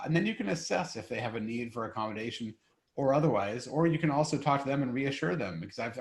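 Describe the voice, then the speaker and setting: A man who works as an employment lawyer, giving clear, structured answers in a webinar and stressing key words. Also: medium pitch. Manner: clear, structured, emphatic explanations. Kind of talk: webinar Q&A explaining law. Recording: echoey room.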